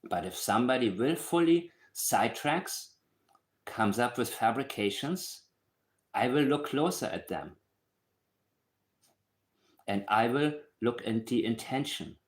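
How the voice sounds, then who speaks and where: Guy ramblin on his livestream, blunt and emphatic, middle pitch voice, keeps talkin to the chat. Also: animated, a little slow, long pauses. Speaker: channel host analyzing a case. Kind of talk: casual livestream commentary.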